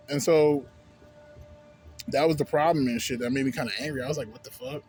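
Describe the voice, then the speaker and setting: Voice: mid-range voice, fairly even intonation, moderate pace, a little mellow, soft background music. A young adult man vlogging in a loose, rambling way, swearing constantly and checking in with "you know what I'm saying". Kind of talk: casual rambling monologue.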